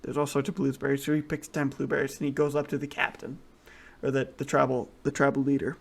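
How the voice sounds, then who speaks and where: Completely flat and quick, this co-host's mid-range, creaky voice carries a casual podcast conversation. He wanders through crude jokes, frequently starting over.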